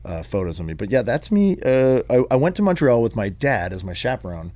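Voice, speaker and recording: A man from Vancouver, co-hosting a podcast, telling stories in an animated way and swearing casually. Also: medium pitch, fairly quick, dry recording. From Vancouver, Canada. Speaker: podcast co-host.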